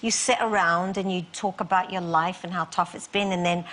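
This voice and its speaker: An older woman with a Scottish accent, telling stories in a lively way in an interview and acting out quotes as she goes. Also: on the low side, fairly quick. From Scotland. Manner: lively storytelling, acts out quotes. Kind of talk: interview conversation.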